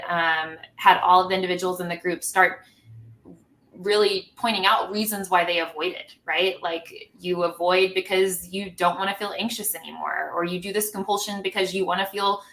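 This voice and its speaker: A woman's voice: fairly low pitch, fairly even intonation, normal speed, fairly bright tone, rough recording. A woman joining a casual panel chat, speaking in a reflective, thoughtful way. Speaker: parent education group participant.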